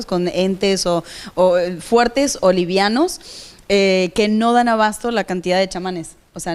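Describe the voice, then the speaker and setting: A woman hosting a TV interview, switching between narrating to the audience and asking questions, curious and quick to laugh. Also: medium pitch, clear, resonant tone. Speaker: TV host.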